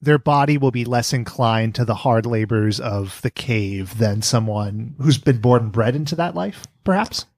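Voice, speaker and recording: A man co-hosting a casual podcast, recapping a cartoon with animated, laughing, profane asides. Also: medium pitch, normal speed, few pauses. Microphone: studio podcast mic.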